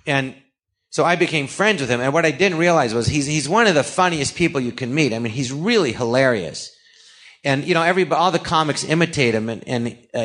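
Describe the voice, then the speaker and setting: Older male comedian telling animated stories. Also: medium pitch. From California. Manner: animated storyteller, acts out anecdotes, halting restarts. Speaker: comedian guest. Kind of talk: casual storytelling interview.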